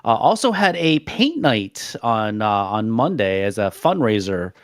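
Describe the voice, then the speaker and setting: A man hosting a casual podcast chat, self-mocking and quick to laugh. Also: on the low side, very animated, no room sound, clean studio sound. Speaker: host.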